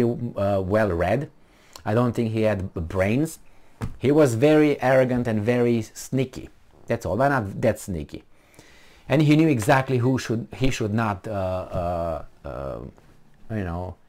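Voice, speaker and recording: A man's voice: lowish voice, a little mellow. A man hosting a commentary video, delivering a blunt, indignant rant. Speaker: commentary host. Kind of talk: ranting monologue to camera.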